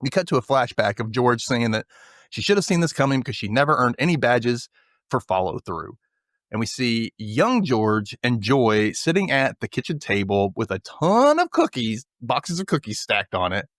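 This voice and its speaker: Male podcast host, casual episode recap, very expressive pitch, dry close sound. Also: moderate pace, dry recording. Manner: animated, acts out characters' lines while retelling scenes.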